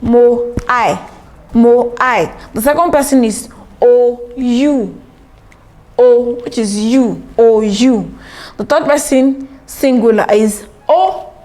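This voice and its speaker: A woman's voice: on the high side, slow, darkish tone. A woman teaching a language lesson, patiently repeating each word several times and translating it.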